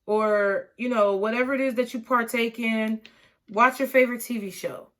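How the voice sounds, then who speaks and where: A woman's voice: on the high side, steady tone, normal speed, a bit bright. A woman giving a casual, encouraging tarot reading to her viewers, often checking in with "okay?". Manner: encouraging, repeats words, many "okay?" asides. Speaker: tarot reader.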